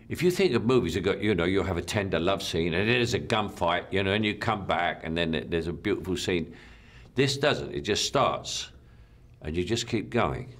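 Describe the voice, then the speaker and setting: An older man speaks in a very deep, low voice, reflecting on his work as an actor. He rambles, doubles back on his words and lets his sentences trail off quietly. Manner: rambling, repeats words, soft trailing asides. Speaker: actor being interviewed. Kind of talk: reflective interview talk.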